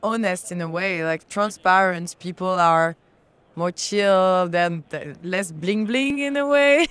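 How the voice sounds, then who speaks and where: A French-accented woman whose first language is French, chatting as a guest at a conference expo and speaking in halting English full of fillers and restarts, into a handheld mic. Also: fairly low pitch, a bit bright, clear, resonant tone, no echo. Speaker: guest, brand representative. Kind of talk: casual conference interview.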